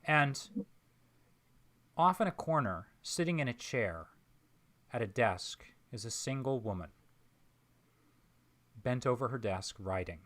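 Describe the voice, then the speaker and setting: A man narrating as game master of a tabletop role-playing game, describing scenes in a measured, pausing way. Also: medium pitch, animated, a bit bright. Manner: measured, descriptive, with frequent pauses.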